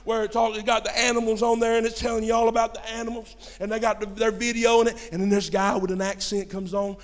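A pastor with a high, ringing voice preaches in a church hall, where long reverb trails every phrase. He drops to a hushed storytelling tone, then climbs to shouted emphasis and keeps calling out questions to the people in the pews. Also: level tone, fast. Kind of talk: sermon. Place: church sanctuary.

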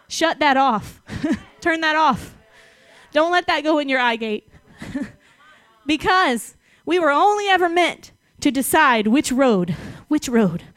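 A woman giving a sermon, animated and emphatic, often laughing between phrases. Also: high voice, no room sound. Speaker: speaker.

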